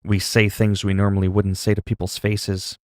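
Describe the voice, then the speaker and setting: Low-voiced, opinionated gamer man. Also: completely flat delivery, normal speed, dry recording, clean studio sound. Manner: opinionated, swears casually, rambling. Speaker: livestreamer. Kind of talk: casual chat while gaming.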